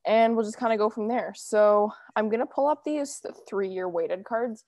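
A woman's voice: mid-range voice, moderate pace, darkish tone, no room sound. A young woman hosting a casual chat, talking loosely with many fillers. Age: young adult. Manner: chatty, lots of fillers and "you know". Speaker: podcast host.

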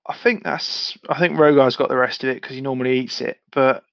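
A man playing a tabletop game, talking in character in a blunt, sweary, lively way. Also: medium pitch, fairly quick, gravelly, no echo, lo-fi sound. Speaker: player.

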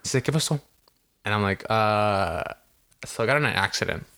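A young man casually telling a story on a podcast, animated and swearing a lot, acting out what people said. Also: fairly low pitch, a little fast. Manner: animated, heavy swearing, acts out quotes. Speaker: podcast co-host.

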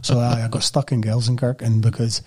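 A middle-aged Scottish man telling a lively anecdote in casual chat, laughing often and acting out what people said. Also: medium pitch, a little fast, breathy edge. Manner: animated storytelling, laughs often, acts out quotes.

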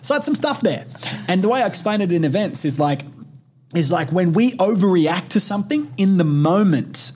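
A man's voice: high-pitched, lively intonation, moderate pace, darkish tone, slight background noise. A man in his twenties hosting a podcast, talking casually and animatedly, swearing freely and leaning on "like" and "right?". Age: 20s. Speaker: podcast host. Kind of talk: casual motivational podcast talk.

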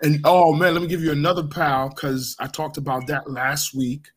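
Laid-back slangy man, slightly high voice. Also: flat delivery, moderate pace, slight background noise. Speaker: podcast co-host. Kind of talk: casual chat.

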